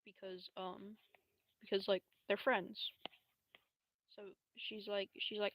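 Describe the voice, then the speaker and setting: A woman's voice: mid-range voice, flat delivery, slow pace, no echo, muffled recording. A young woman streamer telling a story in a casual, rambling way, full of slang and fillers.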